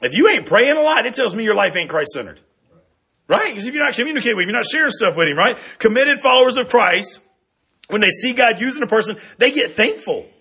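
Man preaching, high voice, husky tone, middle-aged, conversational sermon, keeps checking in with listeners. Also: quick pace. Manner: lively, conversational preaching with frequent "right?" asides. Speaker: pastor.

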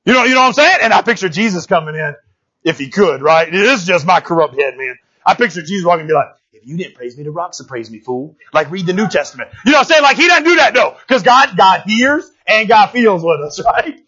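A male pastor giving a lively, conversational sermon, speaking straight to his congregation and often checking in with them. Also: sits high, fast talker, breathy edge, muffled recording. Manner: animated, talks straight to the congregation, often asks "you know what I'm saying?".

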